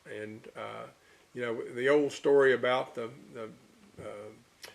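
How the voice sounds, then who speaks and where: Gravelly storyteller man. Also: medium pitch, slow. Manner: rambling, self-interrupting, animated anecdotes. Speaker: interviewee, local storyteller. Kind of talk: casual storytelling interview.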